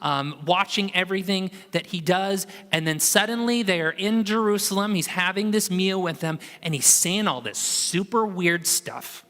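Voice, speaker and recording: A man's voice: high-pitched, moderate pace, hardly any pauses. A man preaching a sermon in a church, in a casual, conversational storytelling manner. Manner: conversational, animated storytelling with acted quotes. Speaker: pastor. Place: church sanctuary. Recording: long hall reverb.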